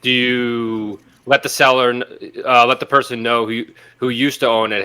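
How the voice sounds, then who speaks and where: Bright-voiced man laying out a scenario. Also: medium pitch, moderate pace, few pauses, smooth. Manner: rambling, hypothetical, hesitant. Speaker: podcast co-host. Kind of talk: casual podcast chat.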